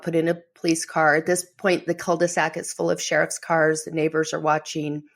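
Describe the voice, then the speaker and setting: A middle-aged woman, a memoir author, telling her own story as an interview guest, candid and emotional, leaning on "you know". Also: low voice.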